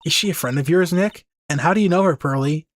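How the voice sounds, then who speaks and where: A man's voice: a little high, quick pace, no echo, lightly acted. A man voicing a cheerful, bubbly teenage girl sidekick in a game playthrough, raising his voice and keeping it bouncy. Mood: curious. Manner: bouncy and excitable.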